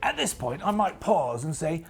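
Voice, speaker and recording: A man's voice: on the high side, big pitch swings, normal speed, gravelly, faint music behind. A man playing a solo tabletop game as a pirate, talking to the camera in a put-on pirate accent with playful, rambling jokes and asides.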